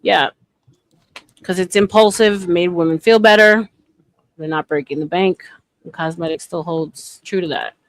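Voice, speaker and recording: A woman's voice: fairly low pitch, unhurried, long pauses, no echo. A woman hosting a stream, chatting casually and emphatically. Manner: animated, emphatic storyteller. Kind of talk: casual chat.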